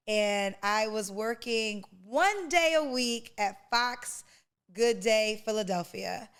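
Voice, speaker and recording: Woman, 40s, podcast host; smooth voice, slightly high; emotional, preacherly testimony. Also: fairly bright tone. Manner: emotional, preacherly, addresses listener as honey and baby. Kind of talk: personal testimony.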